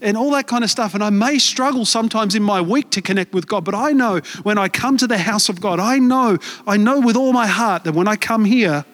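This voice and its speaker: Earnest pastor preaching in a reverberant hall. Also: male voice, high voice, fairly quick, hardly any pauses, a bit bright. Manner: earnest, conversational, repeats words while searching. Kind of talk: sermon. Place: church.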